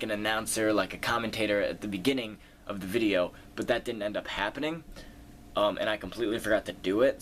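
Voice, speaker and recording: A man with a somewhat low voice talks casually as he works through questions about his video series. He wanders, restarts sentences and fills gaps with hesitations. A faint hiss sits under the voice. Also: fairly bright tone. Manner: rambling, many fillers and self-corrections. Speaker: video series creator answering viewer questions. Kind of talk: casual Q&A monologue.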